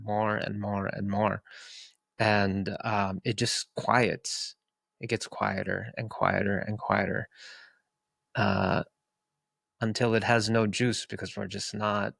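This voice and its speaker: A man's voice: on the low side, gravelly, fairly bright tone, dry recording, clean studio sound. A man co-hosting a podcast, speaking earnestly and reflectively, repeating words for emphasis. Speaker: podcast co-host. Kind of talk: reflective casual conversation.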